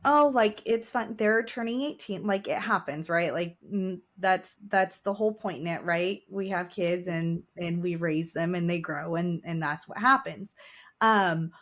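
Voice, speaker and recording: A woman's voice: fairly low pitch, steady tone, unhurried, fairly bright tone. A woman in her forties co-hosting a podcast, chatting casually and telling stories with laughs and emotion. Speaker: podcast co-host. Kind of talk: casual chat.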